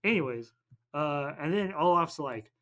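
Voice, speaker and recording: A man on a podcast casually recapping a film, rambling and jokey, tossing in quick snatches of character voices. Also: a little high, animated, a bit bright. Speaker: podcast co-host.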